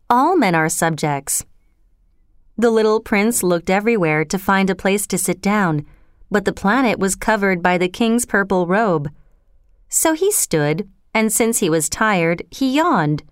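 A woman reading a storybook aloud in a slow, expressive way. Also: medium pitch, clean tone, no room sound, studio quality.

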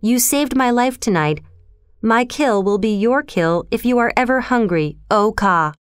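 A woman's voice: on the high side, animated, unhurried, clear, resonant tone, no echo, studio quality. A woman doing an eager jungle boy. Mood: earnest. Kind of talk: storybook reading.

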